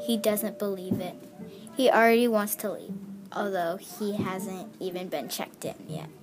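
Woman reading a story over music. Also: mid-range voice. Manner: reads dialogue with small voice changes. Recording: music clearly heard behind.

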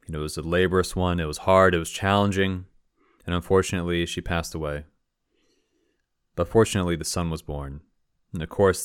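Male podcast host, deep voice, unhurried storyteller who asks rhetorical questions. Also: smooth, no echo, clean studio sound. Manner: calm, measured, rhetorical questions. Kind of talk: storytelling a parable.

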